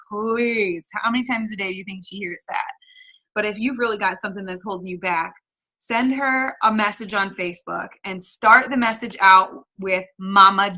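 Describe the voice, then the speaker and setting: Young woman on a video call hyping up her team, bright voice, keeps repeating herself for emphasis. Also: mid-range voice. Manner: emphatic, repetitive, coaching the audience directly. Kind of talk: motivational pep talk.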